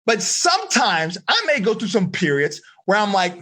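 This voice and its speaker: A man running a live online coaching seminar for teens, talking in an energetic, slangy way straight to the kids. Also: high-pitched, moderate pace. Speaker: life coach.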